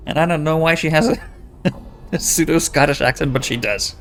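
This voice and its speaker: A man's voice: a little high, normal speed, fairly bright tone, slight background noise. A man giving casual, rambling commentary while playing a role-playing game, with wry asides. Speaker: let's play host.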